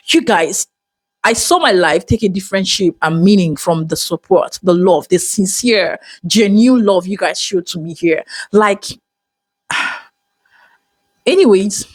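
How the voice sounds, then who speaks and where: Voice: mid-range voice, slow, no room sound. Dramatic, heartfelt Nigerian-accented vlogger. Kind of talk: emotional personal monologue.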